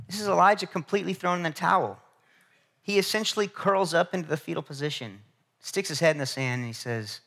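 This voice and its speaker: A man's voice: mid-range voice, fairly quick. A man preaching a sermon as pastor, talking conversationally with restarts and calling out to the congregation. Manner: animated, conversational, with frequent repetitions and restarts; calls to the congregation for response.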